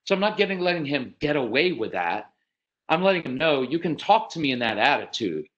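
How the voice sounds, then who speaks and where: A man's voice: a little high, brisk, dull audio. A man giving a conversational parenting seminar, talking directly to his audience, asking them questions and acting out quoted dialogue. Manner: animated, acts out quoted dialogue. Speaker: parenting speaker.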